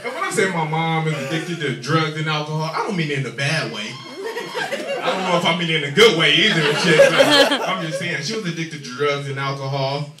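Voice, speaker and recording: Animated stand-up comic in echoey club. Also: male voice, on the high side, fairly quick. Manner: animated, profane storytelling with shouted punchlines. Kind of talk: stand-up comedy set. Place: comedy club stage with a loud audience. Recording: echoey club audio recorded from a distance. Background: loud crowd laughter.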